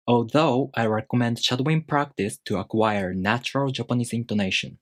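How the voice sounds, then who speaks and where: A man teaching a language lesson in a calm, methodical way, explaining step by step and saying example words aloud. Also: fairly low pitch, no echo, clean studio sound. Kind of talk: instructional video lesson.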